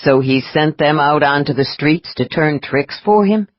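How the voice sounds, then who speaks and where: A woman voicing a gruff, angry man who growls his words in clipped bursts. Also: deep voice, a little slow, no room sound, muffled recording. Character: gruff angry man, wounded operative with cane.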